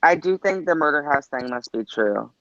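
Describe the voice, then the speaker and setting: A man's voice: a little high, expressive, moderate pace, fairly bright tone, dry recording. A man joining a casual show discussion as a guest, hedging his ideas with "like" and "I don't know.". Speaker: guest panelist. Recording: dull dry lo-fi audio.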